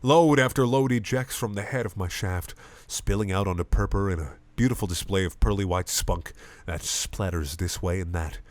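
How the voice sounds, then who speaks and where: A man reading a comedic parody story aloud with lively comic narration. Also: low-pitched, normal speed, dry recording. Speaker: reader.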